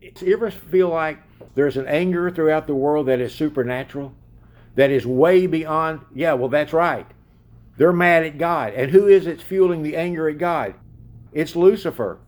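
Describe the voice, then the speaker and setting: A man's voice: fairly high pitch, normal speed, a little mellow. Male preacher with a slightly raised voice, emphatic sermon delivery that puts questions straight to the congregation. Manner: emphatic, questions the audience directly.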